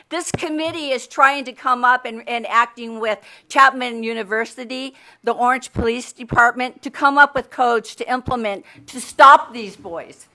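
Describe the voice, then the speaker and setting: An older woman speaks at a public comment in a council chamber. Her voice is high and bright, and she pleads angrily, repeating her questions. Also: normal speed, few pauses. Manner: angry, pleading, repeats herself.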